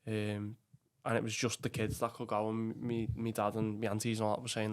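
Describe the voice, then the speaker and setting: A man's voice: lowish voice, completely flat delivery, brisk, few pauses, clean tone. A young man with a Liverpool Scouse accent, a podcast guest telling a personal story bluntly, swearing often and calling the listener "lad". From England. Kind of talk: emotional storytelling.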